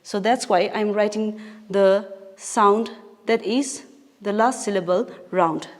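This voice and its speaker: A woman's voice: medium pitch, steady tone, takes it slowly. A woman teaching an English poetry lesson, explaining patiently step by step with fillers and small self-corrections. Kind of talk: recorded classroom lesson. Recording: long hall reverb.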